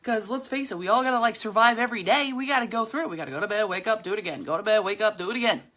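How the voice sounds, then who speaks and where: A woman hosts her own podcast with a bright, ringing voice. She talks in a chatty, emphatic way, piling on slang as she gives a pep talk. She speaks straight to the camera. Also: medium pitch, racing. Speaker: podcast host. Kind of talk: casual motivational monologue. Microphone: camera, speaking to viewers.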